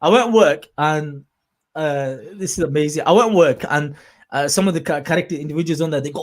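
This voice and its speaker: Guy hosting a podcast, animated, keeps acting out quotes louder. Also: on the high side, fast talker. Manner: animated, acts out quotes in a raised voice. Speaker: podcast host. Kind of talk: casual podcast chat.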